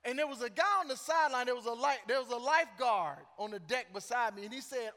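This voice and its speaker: A man's voice: very high voice, fast, hardly any pauses, sharp tone. A middle-aged man preaching a sermon as pastor, joking and conversational between emphatic points. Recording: long church reverb.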